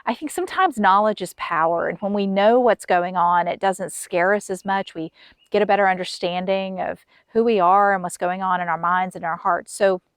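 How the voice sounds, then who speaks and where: A woman's voice: medium pitch, moderate pace, clear, resonant tone, no room sound, clean studio sound. Candid woman talking to camera. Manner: candid, confessional, with soft laughs. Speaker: affair recovery coach and video host. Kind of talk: direct-to-camera personal talk.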